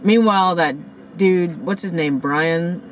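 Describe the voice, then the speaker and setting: A woman's voice: fairly low pitch, measured pace, a little hiss or hum, rough recording. Profane, shaken woman vlogging by the beach. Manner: profane, animated, rants and acts out quotes. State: shaken, in shock. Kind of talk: casual storytelling vlog. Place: outdoors near a parking lot by the beach.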